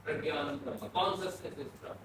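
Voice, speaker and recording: Lecturer, male, from Bhutan; slow, repetitive explanations, distant mic in an echoey classroom. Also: sits high, animated, a bit bright. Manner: explains slowly, repeating and restarting phrases. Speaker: philosophy lecturer. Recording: echoey room, mic far off, faint noise.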